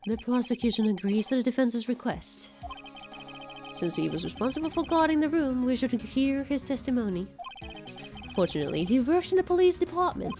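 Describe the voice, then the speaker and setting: A woman's voice: on the high side, sing-song, brisk, a little mellow, faint music behind. A woman voicing a cool, haughty male prosecutor with clipped, formal speech.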